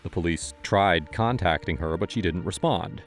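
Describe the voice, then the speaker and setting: A man's voice: deep voice, moderate pace, soft background music. A man narrating a true-crime case in a scripted storytelling style, with wry asides.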